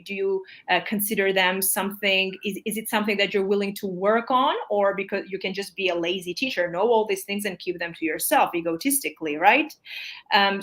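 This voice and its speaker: A woman's voice: medium pitch, a bit bright. Thoughtful hesitant woman guest. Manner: thoughtful, hesitant, lots of fillers and restarts. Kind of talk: live discussion.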